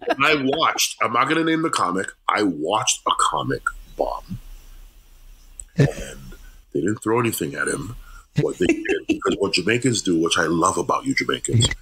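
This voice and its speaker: A male comedian talking on a podcast in an animated way, with a voice that is low-pitched and husky yet bright. He swings his intonation widely, laughs easily, and stumbles over repeated words. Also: moderate pace, rough recording. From Canada. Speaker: comedian guest. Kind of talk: casual storytelling chat.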